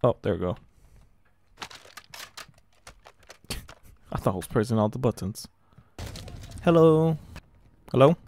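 A man commentating as he plays a game, excitable, exclaiming often and laughing a lot. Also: fairly low pitch, a little slow, pauses often, slight background noise. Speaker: gaming channel host. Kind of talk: live gameplay commentary.

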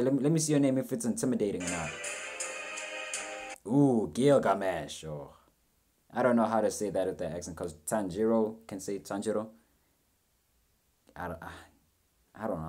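Young guy doing a reaction vid, cursing a lot, rambly, some quiet music in back. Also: lowish voice. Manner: swears freely, rambling and self-mocking. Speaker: reaction video host. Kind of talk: casual reaction commentary.

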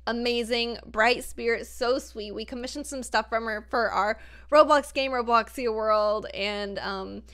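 A woman's voice: a little high, fairly even intonation, unhurried, fairly bright tone, clean tone. A young woman hosting a casual gaming video, gushing and chatty, peppering her talk with "like". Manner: bubbly, gushing, says "like" often. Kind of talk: casual gameplay commentary. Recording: music playing behind voice.

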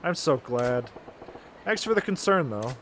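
A man voicing a smooth-talking male gangster, a bit playful and a bit menacing, with a slow, low, cocky drawl. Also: big pitch swings, a bit bright, slight background noise. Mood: easygoing.

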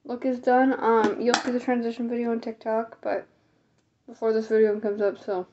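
A woman's voice: a little high, little pitch movement, normal speed, muffled recording, background noise. Chatty young woman vlogging her makeup. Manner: chatty, self-amused, narrates as she applies makeup, slips into hushed whispers. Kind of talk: casual makeup tutorial chat.

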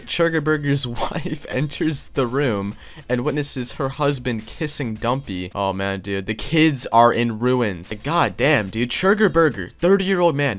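Young male YouTuber, mid-pitched, reads fan fiction aloud with profane, mocking asides. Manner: crude, sarcastic, joking asides. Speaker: YouTube host.

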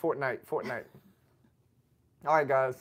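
A chatty man hosts a casual family livestream, reading out viewer messages and giving shout-outs. His voice sits at an ordinary middle pitch. He talks in a loose, easygoing way. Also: measured pace. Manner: chatty, reads chat aloud, gives shout-outs.

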